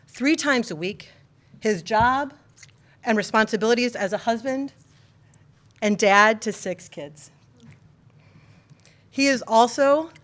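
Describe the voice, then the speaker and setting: A woman's voice: a little high, a bit bright. Earnest woman legislator at a press conference. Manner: earnest, reads from prepared text. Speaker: state legislator. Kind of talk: prepared press conference remarks.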